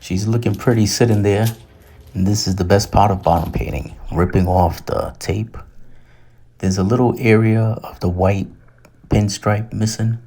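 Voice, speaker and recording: A man giving a relaxed, matter-of-fact voice-over about his own boat projects. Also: fairly low pitch, moderate pace. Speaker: boating vlogger. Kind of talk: casual voice-over narration.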